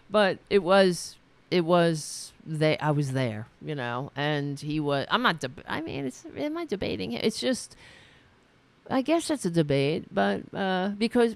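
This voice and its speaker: A woman's voice: on the low side, smooth, no room sound. A woman hosting a political talk show, retelling an argument in a casual, exasperated way, swearing freely and restarting her sentences often. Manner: profane, exasperated, many restarts and fillers. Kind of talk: casual spoken commentary, retelling a debate.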